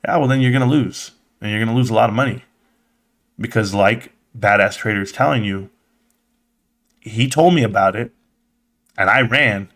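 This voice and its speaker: A man hosting a live stream in casual, excitable chat, talking straight to his viewers and swearing now and then. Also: lowish voice, moderate pace, pauses often. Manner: excitable, swears casually, acts out quoted voices.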